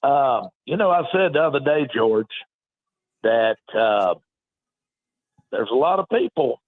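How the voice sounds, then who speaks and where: A man calls into a sports radio show, chatty and quick. His pitch swings widely. The sound comes over a tinny phone line. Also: expressive. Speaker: caller.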